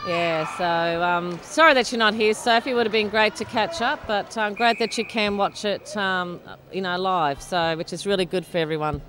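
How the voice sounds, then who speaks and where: A chatty Australian woman calls a netball game live, rambling through her thoughts with plenty of ums and easy giggles. Her voice sits mid-range, and the commentary mic picks up clear background noise from the indoor arena. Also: medium pitch, normal speed, few pauses. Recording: noisy sports hall commentary.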